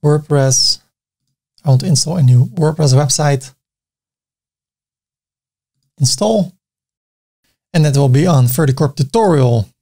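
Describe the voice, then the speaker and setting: A man with a Dutch accent, a native Dutch speaker, hosting a screen-recorded software tutorial, narrating each click step by step with casual asides. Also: fairly high pitch, measured pace, long pauses. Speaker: tutorial host.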